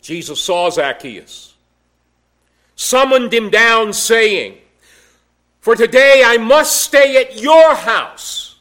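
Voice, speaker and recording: Slow-preaching man with a high voice. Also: lively intonation, fairly bright tone. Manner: slow, measured preaching with emphatic rises. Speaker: pastor. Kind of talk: sermon.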